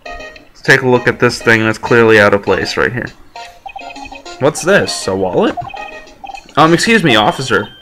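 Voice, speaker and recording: Male let's-play host, lively and bright, wry and joking. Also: mid-range voice, moderate pace, long pauses, soft background music. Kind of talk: reading game dialogue aloud with commentary.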